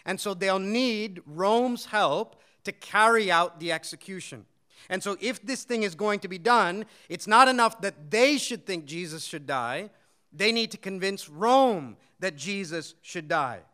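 A man's voice: high-pitched, animated, measured pace, pushed and bright. A man preaching an expository sermon, telling the story earnestly and asking his listeners questions. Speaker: pastor.

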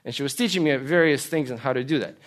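A man's voice: medium pitch, fast talker. A man preaching a sermon, earnest, telling stories and asking rhetorical questions. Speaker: pastor.

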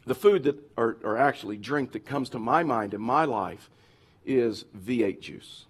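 A middle-aged man preaching as a pastor, lively and conversational, now and then acting out whiny complaining voices. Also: mid-range voice, normal speed, slightly rough. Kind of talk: sermon.

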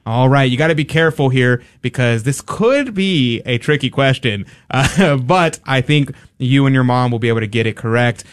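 A man's voice: mid-range voice, moderate pace, hardly any pauses. A man hosting a radio show, running a quiz in a joking, upbeat game-show manner. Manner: playful, joking, upbeat encouragement.

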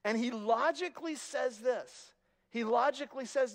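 A man preaching a sermon, telling stories with animated, wry humor. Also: very high voice, measured pace, long reverb tail. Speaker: pastor.

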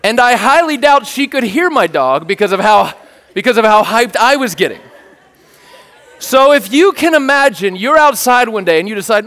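A man with a high, bright-sitting voice preaches a sermon as an animated storyteller, joking and checking in with the congregation. His voice rings out through a church hall with a long reverb tail. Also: moderate pace. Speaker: pastor.

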